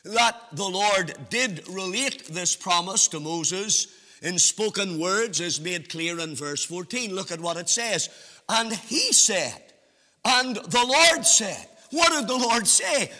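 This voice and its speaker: A man preaches at a slow, deliberate pace, his voice high and very bright. His phrases rise into a sing-song lilt and stretch out for emphasis. The sound rings with the long reverb of a church hall. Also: lively intonation. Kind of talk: sermon.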